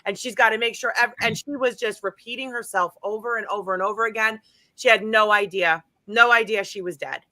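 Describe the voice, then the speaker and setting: A woman's voice: mid-range voice, brisk, bright, forceful tone, dry recording, poor audio. A woman guest earnestly telling a personal ghost story, repeating phrases as she goes.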